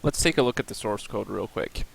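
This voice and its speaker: Young male student presenter, lowish creaky voice, plain explanatory delivery for a recorded screen demo. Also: fairly quick, low-quality recording. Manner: plain explanatory, walks through steps with um and uh.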